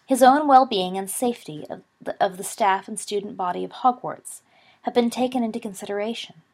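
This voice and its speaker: Woman reading a calm, courtly old wizard headmaster; gravelly, husky timbre. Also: medium pitch, fairly quick. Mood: calm, assured. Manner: courtly, gently assured. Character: elderly calm twinkling male wizard headmaster.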